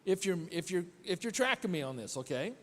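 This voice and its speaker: A man's voice: high-pitched, big pitch swings, fairly quick. A man preaching a conversational sermon as pastor, quizzing the congregation and telling stories with self-deprecating humor. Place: church sanctuary. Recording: long hall reverb in a church.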